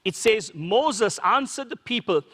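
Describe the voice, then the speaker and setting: A man's voice: high-pitched, expressive, measured pace, fairly bright tone, long reverb tail. A man preaching a sermon as a pastor, in a conversational way full of rhetorical questions. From Sri Lanka.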